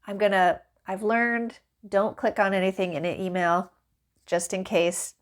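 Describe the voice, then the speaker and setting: A woman vlogging casually to camera, animated and exasperated, laughing and acting out the exchanges as she tells them. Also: medium pitch, measured pace. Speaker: small business vlogger. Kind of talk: casual ranting vlog to camera.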